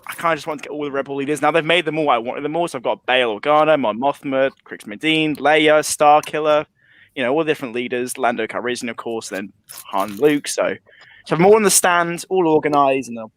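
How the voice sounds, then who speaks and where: A man's voice: on the high side, fairly quick. Easygoing guy chatting. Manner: relaxed, rambling with fillers. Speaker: livestream guest. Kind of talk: casual chat.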